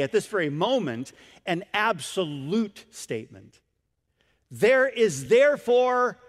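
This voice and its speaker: Emphatic preacher with soaring high pitch. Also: male voice, fairly bright tone, in a large hall. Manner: emphatic, dramatic swings in pitch and volume. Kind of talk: sermon.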